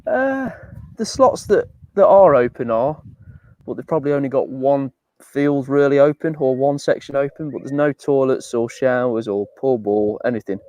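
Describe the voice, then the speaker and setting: Man, relaxed co-host, video call, dry close sound. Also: medium pitch, moderate pace, no room sound. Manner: relaxed, easygoing. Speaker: co-presenter calling in from a campsite. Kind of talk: casual live-stream chat.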